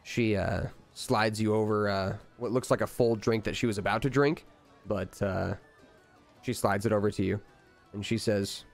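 A male game master narrating a tabletop fantasy session, his voice on the low side. He pauses often with fillers as he describes what characters do, and soft music plays underneath. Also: fairly even intonation, creaky. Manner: halting narration full of uh and kinda.

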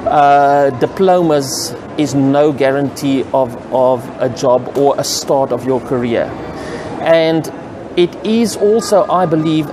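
An earnest man shares his views in a casual vlog. His voice sits a little high, and he often restarts and repeats words while he works out his point. Clear outdoor traffic noise runs beneath him. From South Africa. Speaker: computer training business owner. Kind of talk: casual talking-to-camera opinion vlog.

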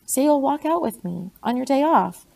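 A woman's voice: high-pitched, expressive, moderate pace, vocal fry, mellow, pitched above the performer's own voice. A woman doing an earnest young soldier. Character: young male British soldier, earnest and eager.

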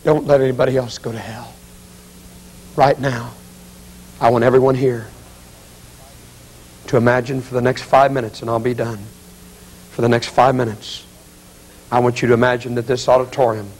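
A man preaching as an evangelist in an auditorium, telling a story with acted quotes and building to loud, pleading appeals. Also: mid-range voice, poor audio. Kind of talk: dramatic revival sermon.

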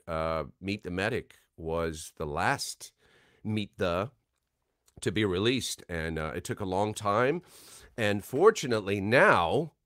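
Smooth low-voiced man chatting on a livestream. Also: fairly bright tone, no echo, clean studio sound. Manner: chatty, filler-heavy, reading names and comments from chat. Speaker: voice actor hosting a livestream signing. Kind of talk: casual livestream chat.

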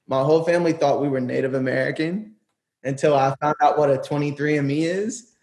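A man's voice: a little high, brisk, darkish tone. Laid-back rambling young man. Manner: laid-back, rambling, laughs often, many "like"s. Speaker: music producer and guest. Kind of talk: casual interview chat.

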